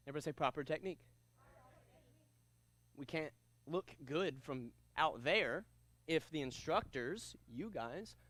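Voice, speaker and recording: A man teaching a kids' karate class, energetic and upbeat, leading commanding call-and-response drills. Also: on the high side, dry recording. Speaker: karate instructor.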